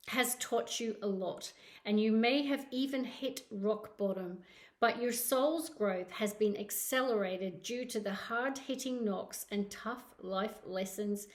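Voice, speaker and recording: A woman with a Scottish accent giving a monthly tarot reading to camera, effusive and emotional, often checking in with "okay?". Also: mid-range voice. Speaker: tarot reader. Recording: roomy echo.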